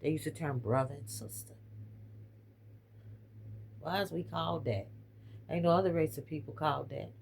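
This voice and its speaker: A woman's voice: sits low, normal speed, creaky, pauses often, darkish tone, slight background noise. A woman with a strained voice, chatting casually to viewers, recorded on a phone. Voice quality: voice strained by weather and heated talks. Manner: chatty, talks straight to viewers, says y'all. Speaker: host. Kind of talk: casual live-stream talk.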